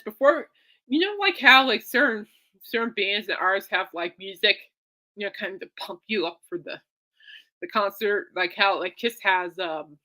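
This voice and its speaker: A woman hosting her own podcast, rambling excitedly in a casual monologue full of fillers and restarts. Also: mid-range voice. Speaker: podcast host.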